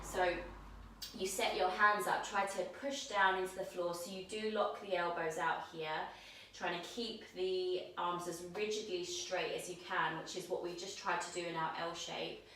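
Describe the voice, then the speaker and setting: A woman teaching a yoga handstand class, giving calm step-by-step cues while she demonstrates, somewhat out of breath. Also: fairly low pitch, moderate pace, a little hiss or hum. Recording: very echoey room, mic at a distance.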